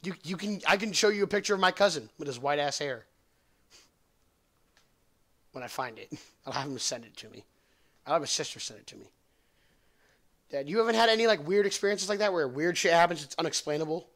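Pausing often but otherwise fairly quick, the young host speaks with an animated, fairly high and fairly bright voice. On his podcast he rambles through a long, profane, joking story and laughs at his own humor.

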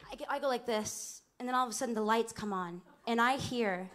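A woman in her twenties telling a lively, laughing stage story between songs at a small club, acting out other people's lines. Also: fairly high pitch, fairly quick. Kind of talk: onstage storytelling banter. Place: small live music club.

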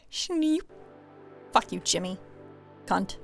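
A woman's voice: sits high, creaky. Swearing woman playing a video game. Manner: profane, yells at game characters; chatty, laughs often. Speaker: gamer. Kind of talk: let's play commentary.

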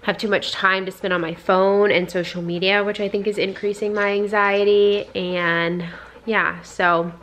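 A young woman in her twenties chatting casually in a home vlog, rambling with fillers, and switching to a high sing-song voice to call her dogs. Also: level tone, unhurried, fairly bright tone, a little hiss or hum, rough recording. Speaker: vlogger.

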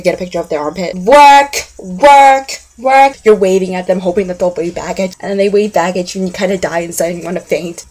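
A young woman vlogging to her camera in a casual, chatty way, full of fillers and repeated words, acting out reactions with gasps. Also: medium pitch. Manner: animated, acts out fan reactions with gasps.

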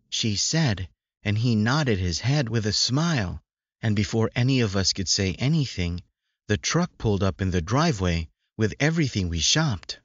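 A man narrating a romance audiobook in a steady, measured reading, telling the story in a woman's first person. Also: on the low side, no echo. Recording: dry dull lo-fi recording.

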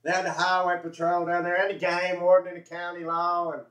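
Fairly quick and monotone, with a high, slightly bright voice, a man with a Southern US accent drifts through a farm story. He chuckles, keeps folksy, and stops mid-sentence to correct himself. An echoey room and dull lo-fi sound mark the recording.

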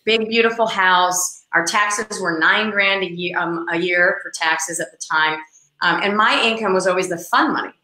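Middle-aged female agent telling a lively anecdote in a roomy interview setting; crisp, bright tone, acts out the people in her story. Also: on the low side, normal speed. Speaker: real estate agent, guest. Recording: roomy echo.

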